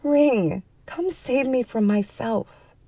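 A woman's voice: sing-song, measured pace, no room sound, heavily acted. A woman voicing a pleading, bitter divorced woman. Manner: pleading and shrill when upset. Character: distraught lonely divorced woman, bitter and shrinking.

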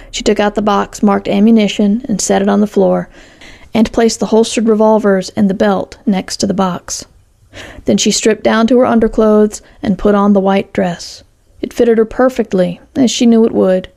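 A woman narrates a story in a steady, measured reading voice. Her delivery is full of gravelly fry and has a dark, mellow warmth. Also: mid-range voice.

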